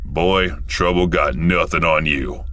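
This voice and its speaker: A man voicing a gruff older male diner customer who drawls slowly. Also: very deep voice, steady tone, sharp tone, full character voice. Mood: amused.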